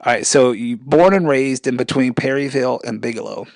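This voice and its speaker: A man's voice: mid-range voice, a little fast, dry recording, low-quality recording. A man with a mixed military brat accent, asking questions as an easygoing interviewer.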